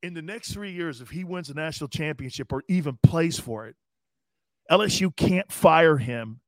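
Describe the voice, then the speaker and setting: A man co-hosting a sports talk show, casual and animated, slangy and storytelling. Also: a little high, moderate pace, no echo. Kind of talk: casual sports radio chat.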